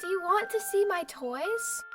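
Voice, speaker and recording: A woman voicing a bratty giant toddler girl in a high childlike voice. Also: animated, unhurried, recorded from a distance, loud music behind the voice. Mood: showing off.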